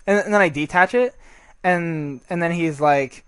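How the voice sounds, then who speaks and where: A man's voice: on the high side, moderate pace, a bit bright, no room sound. A man giving casual, rambling gameplay commentary, swearing freely and restarting his sentences often.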